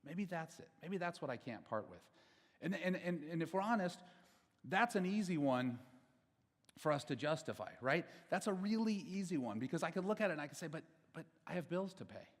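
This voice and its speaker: A man with a slightly raised voice preaches in a relaxed, chatty way, and the long reverb of a big hall trails after his words. He keeps checking in with the listeners with "okay?" and "right?", and he repeats words as his thoughts come together. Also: fairly high pitch, fairly quick. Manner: casual, checks in with the audience with frequent "okay?" and "right?"; stumbles and repeats words as he builds each point. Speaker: pastor. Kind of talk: conversational sermon.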